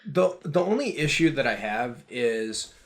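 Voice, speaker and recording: A man co-hosting a film podcast, talking in casual review chat, often restarting his words as he slowly builds his point. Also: mid-range voice, sing-song, gravelly. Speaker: podcast co-host.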